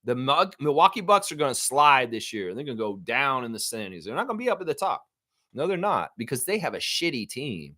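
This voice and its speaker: A man hosting a live sports fan stream who rants about basketball in an animated, profane way. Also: mid-range voice, brisk, dry recording, clean studio sound.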